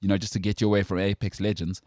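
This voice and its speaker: A man's voice: deep voice, flat delivery, racing, a little mellow, no echo. A South African man hosting a sports talk show, opinionated and teasing in casual studio banter.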